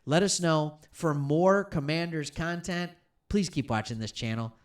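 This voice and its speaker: Animated man hosting a sports talk show. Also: fairly high pitch, a little slow. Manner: animated, emphatic, addresses viewers directly. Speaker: sports commentary host. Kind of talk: solo sports talk commentary.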